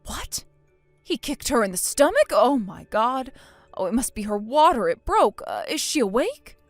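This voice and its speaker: A woman's voice: on the high side, big pitch swings, normal speed, dry recording, faint music behind. Woman doing a shrewd older grandmother. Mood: caring. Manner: soothing with a child, cutting with her son-in-law.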